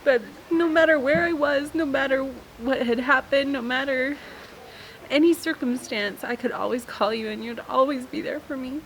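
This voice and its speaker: Daughter sending a loving message home; high voice, teary and tender. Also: female voice, moderate pace, slight background noise, poor audio. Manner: emotional, close to tears. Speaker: daughter sharing a memory. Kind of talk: heartfelt message to camera.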